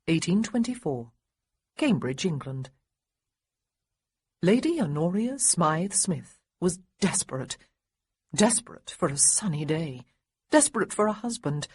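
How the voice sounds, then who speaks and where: A woman narrating an audiobook with lively, expressive storytelling. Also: lowish voice, slow, long pauses, slightly rough, dry recording, studio quality. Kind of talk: scripted narration.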